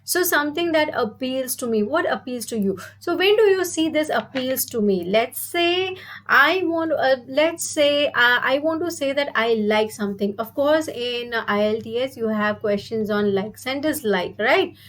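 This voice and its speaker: A woman's voice: high-pitched, lively intonation, normal speed, fairly bright tone. A young adult woman, teaching a live online speaking lesson, explaining step by step and checking in with "right?" and "okay?".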